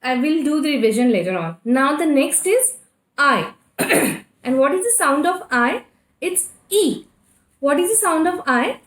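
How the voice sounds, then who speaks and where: A woman with an Indian English accent teaches kindergarten phonics in a high, animated, fairly bright voice. She goes slowly, spelling words out letter by letter and answering her own questions, in an echoey room.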